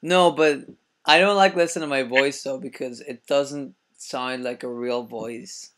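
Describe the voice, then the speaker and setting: A young man with a Northern Irish accent, co-hosting a podcast in playful, joking banter with deadpan asides. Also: mid-range voice, a little slow. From Northern Ireland. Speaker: podcast co-host.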